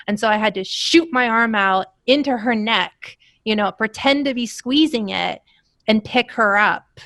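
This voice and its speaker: Woman, actress guest, animated storyteller, casual interview, mid pitch, dry sound. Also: moderate pace, dry recording. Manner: animated storyteller, laughs while telling anecdotes.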